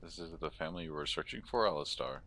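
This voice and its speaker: A man's voice: a bass voice, animated, quick pace, sharp tone, a little hiss or hum. A man giving casual let's-play commentary, joking, exclaiming and reading his choices aloud. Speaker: gaming channel host.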